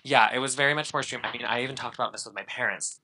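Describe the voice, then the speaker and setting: A man's voice: medium pitch, racing, pushed and bright. A man co-hosting a podcast in casual chat, rambling with lots of fillers and restarts. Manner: chatty, rambling with many fillers. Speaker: podcast co-host.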